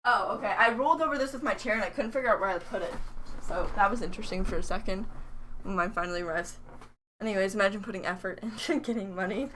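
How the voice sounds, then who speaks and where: A woman's voice: mid-range voice, quick pace, fairly bright tone, a little hiss or hum. A young woman chatting casually on a live stream while she crafts, rambling and poking fun at herself. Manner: rambling, chatty, self-mocking.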